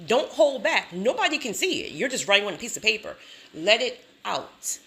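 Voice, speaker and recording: Woman, sassy motivational vlogger, bright and lively delivery. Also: mid-range voice, moderate pace. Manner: sassy, emphatic, repeats catchphrases; laughs often, animated storytelling. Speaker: self-help vlogger. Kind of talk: motivational talk to camera.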